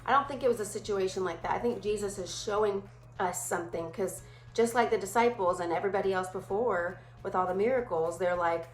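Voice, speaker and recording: A woman leading a casual Bible study, talking in a chatty, animated way and briefly acting out playful voices. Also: medium pitch, a little fast, roomy sound, low-quality recording.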